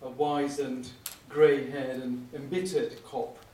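A man's voice: medium pitch, little pitch movement, dark tone. Man, middle-aged, prosecutor at a conference, wry anecdotes, hesitant "uh"s, roomy hall, faint background hum. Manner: wry, anecdotal, with frequent "uh" pauses. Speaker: prosecuting barrister. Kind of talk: conference lecture. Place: lecture hall. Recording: echoey room, speaker far from mic, faint hum.

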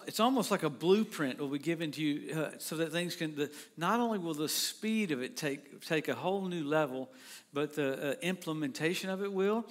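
A middle-aged man preaching a sermon. His voice sits on the high side for a man. He is excitable and laughs often, and at times he breaks into loud shouts. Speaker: pastor.

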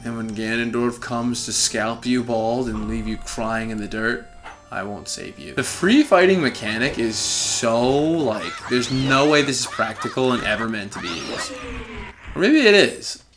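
A young man talking over his gameplay with a dry, sarcastic edge, his voice bouncing up and down as he grumbles and jokes. Soft game music plays faintly behind him. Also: mid-range voice, lively intonation, measured pace. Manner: sarcastic, exasperated running commentary. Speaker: let's play host. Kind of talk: gameplay commentary.

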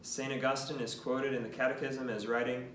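A man's voice: medium pitch, flat delivery, a little fast, a bit bright, slight background noise. A man, a priest, teaching a lesson in an earnest, casual way, asking the listener questions. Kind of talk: conversational teaching talk. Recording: roomy, mic at a distance.

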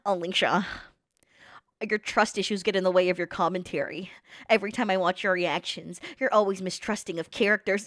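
A woman's voice: medium pitch, fairly even intonation, brisk, a bit bright. A woman commenting casually while reacting to an anime, teasing, swearing and laughing often.

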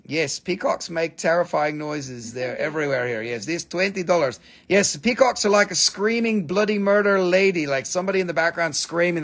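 This casual live sales chat features a man selling stones on a stream, joking around, swearing freely, and throwing in silly voices. His voice is high and fairly bright, with lively intonation and a measured pace.

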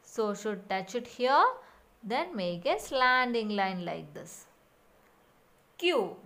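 A woman's voice: medium pitch, big pitch swings, slow pace, a bit bright. A woman teacher giving a recorded lesson for young children and repeating sounds and steps in a sing-song way.

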